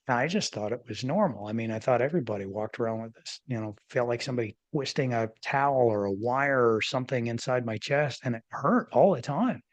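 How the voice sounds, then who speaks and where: A man in his fifties or older, a former doctor hosting a podcast, telling a personal story in a rambling, animated way with many restarts. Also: medium pitch, dry recording. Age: 50s or older. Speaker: podcast host, former physician. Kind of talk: casual interview storytelling.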